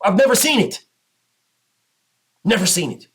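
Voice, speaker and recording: A man in giving an emphatic, repetitive solo commentary rant as host, often mocking others in low put-on voices. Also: very animated, measured pace, fairly bright tone.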